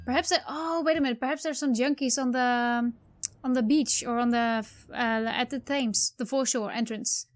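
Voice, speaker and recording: A woman's voice: a little high, steady tone, moderate pace, faint music behind. A woman doing let's play commentary, rambling and thinking aloud as she plays. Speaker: video game player.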